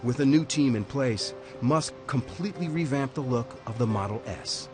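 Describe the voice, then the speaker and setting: A man giving scripted documentary narration in a measured, dramatic way. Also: medium pitch, lively intonation. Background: music.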